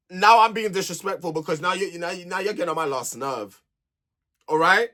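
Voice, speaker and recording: A man's voice: high voice, brisk, pushed and bright. Sassy man ranting over reality TV. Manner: sassy, exasperated, talks straight at people on the show. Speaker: reality TV reviewer. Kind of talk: animated solo review rant.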